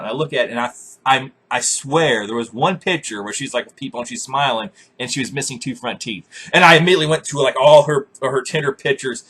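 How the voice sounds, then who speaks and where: Guy in his 20s, husky tone, swears constantly, laughs a lot, suddenly yells when acting out scenes. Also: mid-range voice. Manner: profane, laughs often, bursts into loud acted shouts. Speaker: vlogger. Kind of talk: crude comic storytelling.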